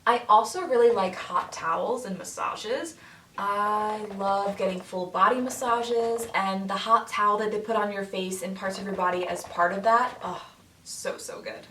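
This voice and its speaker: A young woman talks casually to her viewers in a friendly, chatty way and laughs often. Her voice sits at an ordinary pitch and comes from a little way off the mic. The room echoes noticeably, with a faint hiss underneath. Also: normal speed, bright, forceful tone, distant mic. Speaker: makeup artist vlogger. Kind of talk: casual chat to camera.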